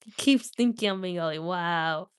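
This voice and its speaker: A woman's voice: lowish voice, moderate pace, clean tone, dry recording, studio quality. A young woman reading a book aloud on a live stream, with small slips and restarts, and chatting casually with her viewers.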